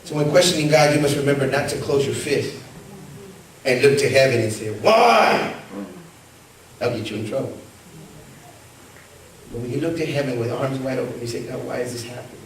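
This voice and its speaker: A man's voice: brisk, pauses often, slight background noise. Male pastor preaching in an echoey church. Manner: swings between loud, high calls and soft, low asides; storytelling with rhetorical questions to the congregation. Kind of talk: sermon. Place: church sanctuary. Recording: echoey church from a distant mic.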